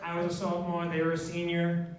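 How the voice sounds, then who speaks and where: A man's voice: fairly high pitch, monotone, a little fast, noisy background. Man doing stand-up in an echoey pub. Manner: wry, self-deprecating, laughs at own jokes. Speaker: stand-up comedian. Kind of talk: stand-up set. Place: small pub stage. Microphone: far handheld camera. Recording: echoey pub from a far camera.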